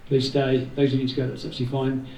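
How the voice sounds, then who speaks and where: Rapid-fire and monotone, this man speaks with a medium pitch and a darkish tone. He's the event organiser, giving an informal, slightly rambling thank-you to a gathering with jokey asides. A roomy indoor community hall holds the scene, and he's recorded from far off.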